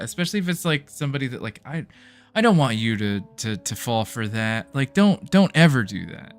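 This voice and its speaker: A man's voice: mid-range voice, sing-song, a little fast, soft background music. A man co-hosting a streamed podcast, speaking in a laid-back, joking way that often trails off. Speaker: podcast co-host. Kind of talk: casual streamed podcast chat.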